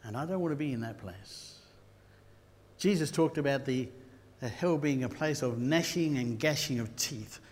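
An Australian man preaching a sermon, telling stories and rising to loud bursts. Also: medium pitch, animated, moderate pace. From Queensland, Australia. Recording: long hall reverb.

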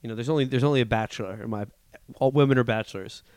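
A young man co-hosting a podcast, making deadpan, snarky jokes while recapping a reality show. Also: medium pitch, racing, clear, resonant tone. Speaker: podcast co-host. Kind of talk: casual recap chat.

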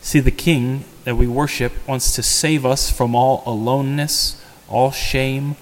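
A man's voice: medium pitch, steady tone, unhurried. A man giving a homily as a priest, in a conversational sermon style that poses rhetorical questions to the congregation. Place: church. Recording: long church reverb.

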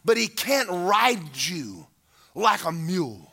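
A man preaching a sermon, animated, acting out voices and rising to shouts at the peaks. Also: high-pitched, slow, creaky, husky.

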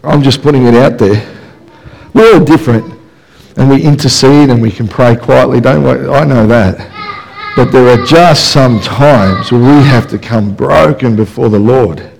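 A man's voice: mid-range voice, measured pace, vocal fry, a little mellow, poor audio. A man preaching a passionate, emphatic sermon in church, full of rhetorical questions. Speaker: pastor. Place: church service, also streamed.

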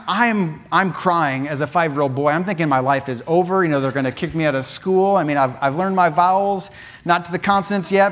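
A man preaching in a church, spinning a comic childhood story. His voice sits a little high, and he breaks into laughter as he tells it. The telling is animated and conversational, full of restarts. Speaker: pastor. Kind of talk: sermon storytelling. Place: church sanctuary.

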